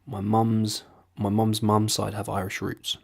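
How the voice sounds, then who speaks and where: A man's voice: fairly low pitch, completely flat delivery, unhurried, vocal fry, darkish tone, no echo, studio quality. A young man chatting casually to camera in a rambling, sweary, self-deprecating way. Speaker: vlogger doing accents.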